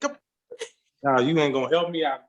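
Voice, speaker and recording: A man's voice: a little high, fairly quick, muffled recording, a crowd in the background. A man chatting playfully as a guest on a podcast, laughing often and drawling his words. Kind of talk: casual chat.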